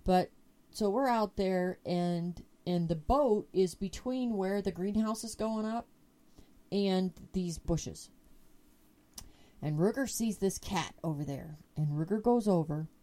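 Woman host, mellow voice, swears freely, spins a casual yarn. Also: mid-range voice, slow. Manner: profane, animated storyteller. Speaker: podcast host. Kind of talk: casual storytelling chat.

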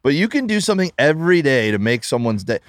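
A man's voice: on the high side, big pitch swings, quick pace, no echo, studio quality. A man who is a guest on a podcast, talking earnestly and casually about being kind to people. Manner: earnest, sincere opinions in an easygoing tone. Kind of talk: casual chat.

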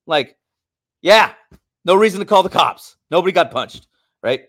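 A man co-hosting a podcast, telling a long story in a heated, animated way and swearing often. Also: high voice, normal speed. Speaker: podcast co-host. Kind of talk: casual storytelling.

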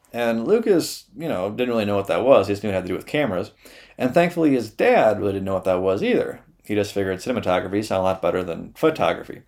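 A young adult man hosting a podcast, retelling a story casually in a loose, profane, animated way with lots of "uh". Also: on the low side.

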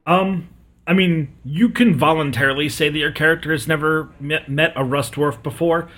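Husky-voiced male game master. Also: a little high, fairly even intonation, moderate pace, fairly bright tone. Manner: casual, explanatory. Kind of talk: narrating a tabletop game.

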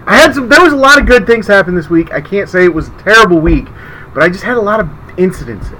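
A man's voice: sits high, animated, fast talker, pushed and bright, slight background noise, low-quality recording. A man co-hosting a podcast in casual chat, chiming in with jokes and laughing along. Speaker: podcast co-host.

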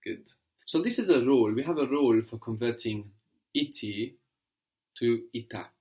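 A man's voice: mid-range voice, expressive, moderate pace, darkish tone. A man teaching a guided language lesson, patient and encouraging, explaining each step and prompting his student.

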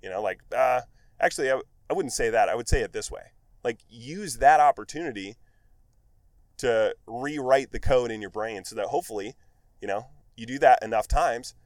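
Male solo podcaster, loose and animated storyteller, mid-pitched voice, recorded dry and close. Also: normal speed, dry recording. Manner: rambling, filler-heavy, animated storytelling. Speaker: podcast host, medical device rep. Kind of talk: casual solo podcast monologue.

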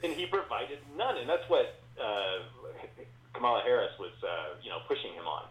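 A man's voice: mid-range voice, animated, normal speed, a bit bright. A man co-hosting a casual political chat podcast, hesitant and restarting his sentences as he explains. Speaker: podcast co-host. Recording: roomy, dull lo-fi sound.

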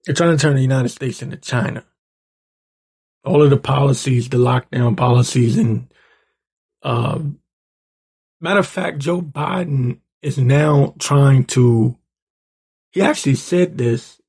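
Gravelly man in a profane rant. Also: medium pitch, a little slow, long pauses, darkish tone. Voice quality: gravelly, husky. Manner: angry, profane, ranting, rising to heated outbursts. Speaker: show host.

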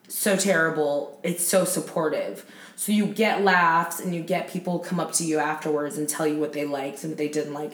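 Comedian lady guest on a podcast, lowish voice, animated and laughy, echoey room. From United States. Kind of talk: casual chat.

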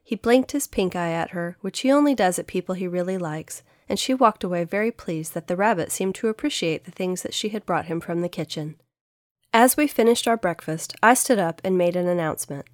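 A woman reading a children's audiobook aloud in a gentle, steady storytelling manner. Her voice sits on the low side and is recorded close and dry. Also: a little fast, no echo. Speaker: audiobook narrator. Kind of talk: scripted storybook narration.

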